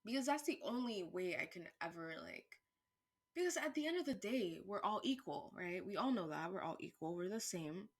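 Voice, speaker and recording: A woman talks straight to camera in a loose, rambling monologue, with plenty of swearing and half-finished thoughts. Her voice sits at an ordinary middle pitch, and it climbs and gets louder whenever she gets worked up. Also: normal speed. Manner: rambling, swears freely, thinks aloud with many restarts; animated, rising pitch and volume when worked up. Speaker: vlogger.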